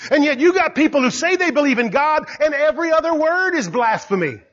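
An older man preaching a sermon as pastor, emphatic and rising to shouts. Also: very high voice, expressive, a little fast. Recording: dull lo-fi recording.

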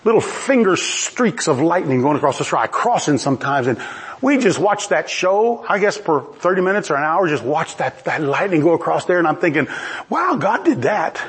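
A middle-aged man preaching a sermon in an animated, exclamatory way, acting out quoted voices. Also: a little high, a little fast. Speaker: pastor.

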